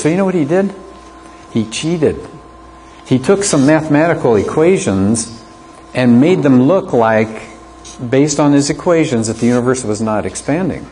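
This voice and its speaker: A man's voice: mid-range voice, darkish tone, slight background noise. A man teaching an apologetics class, lecturing conversationally and asking the students rhetorical questions.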